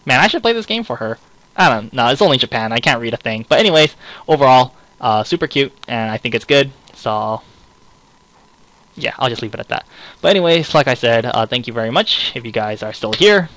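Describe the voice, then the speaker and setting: A man with a bright, forceful voice gives casual card game commentary, rambling and correcting himself as he goes. His voice sounds a little worn. The sound is dry and close, with no room echo. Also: medium pitch, expressive, a little fast. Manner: rambling, second-guesses himself aloud. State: voice getting worn.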